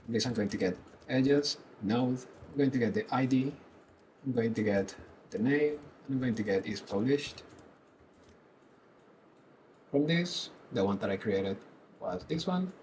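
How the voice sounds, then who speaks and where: A man presenting a screen-recorded web development tutorial, explaining each step calmly. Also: medium pitch, measured pace, pauses often, a little hiss or hum, poor audio.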